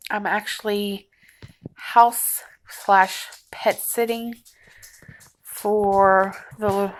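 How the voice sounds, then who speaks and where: A young woman talking softly and haltingly in a personal vlog at home, close to tears. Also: medium pitch, slight background noise, rough recording. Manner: soft, halting, on the verge of tears. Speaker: vlogger. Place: a house, indoors.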